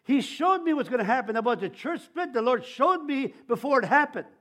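An older man giving a sermon as pastor, telling his own story in a preaching style full of restarts and stammered repeats, rising louder on key phrases. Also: extremely high pitch, expressive, fairly quick.

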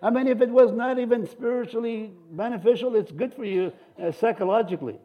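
A middle-aged male pastor preaches with a high-pitched voice. He is animated and lively, breaking into cheers and amens, and drops in joking asides between his points. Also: brisk, muffled recording. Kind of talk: sermon.

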